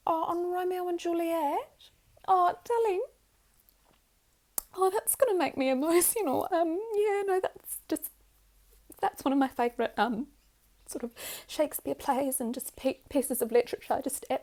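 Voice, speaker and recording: A woman's voice: on the high side, gravelly, a little mellow, husky, heavily acted. A woman playing a doting rich Australian mum, whispered role-play. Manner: gushing and fussy, calls the listener darling. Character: doting wealthy middle-aged Australian mother.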